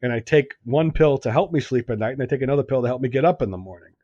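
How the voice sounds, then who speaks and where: A man's voice: medium pitch, racing, no echo, dull audio. Man spinning a bewildered anecdote, dry sound. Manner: animated anecdote-telling, acts out dialogue, laughs often. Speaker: podcast co-host telling a story. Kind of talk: casual chat, storytelling.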